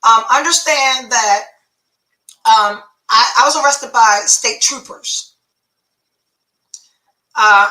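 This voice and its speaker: A woman's voice: on the high side, pushed and bright, echoey room, rough recording. A middle-aged woman, a podcast host candidly retelling a personal story, full of profanity and quoted dialogue.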